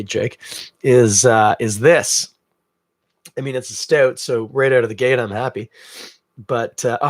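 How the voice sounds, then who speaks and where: A man's voice: mid-range voice, no echo, clean studio sound. A man with a stuffy, snuffly cold hosting a casual live beer-tasting podcast, chatty and self-deprecating with rambling asides. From Canada. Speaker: podcast host.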